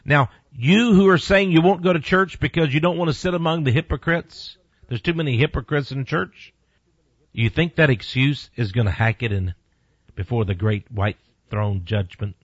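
A man preaches a sermon emphatically, with big swings in pitch and loudness, addressing listeners directly and bluntly and reading scripture slowly and deliberately. His voice has a breathy edge, with no room sound, on a dull lo-fi recording.

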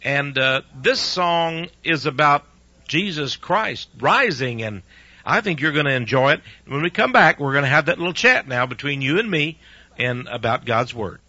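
A man's voice: a little high, expressive, normal speed, pushed and bright, husky, lo-fi sound. A man preaching as a radio show host, earnest and preachy, pressing his points with rhetorical questions. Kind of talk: conversational radio sermon.

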